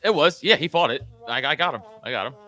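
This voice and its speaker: A man's voice: a little high, animated, fast, bright, forceful tone. A man, a comedian guest, in casual podcast banter, crude and rambling, laughing often and restarting his sentences.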